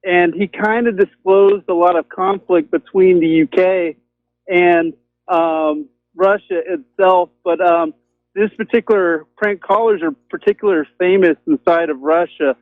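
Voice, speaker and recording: A man's voice: high voice, steady tone, a little slow, dry recording. A man calling in to a talk show, rambling with lots of ums and you-knows. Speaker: caller. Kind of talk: casual call-in chat. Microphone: telephone. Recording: tinny phone line.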